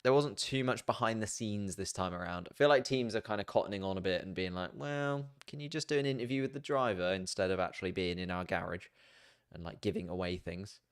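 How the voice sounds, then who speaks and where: A man's voice: low voice, fairly quick, smooth. A man hosting a casual, chatty explainer video, jokey and self-mocking as he banters. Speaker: YouTube host.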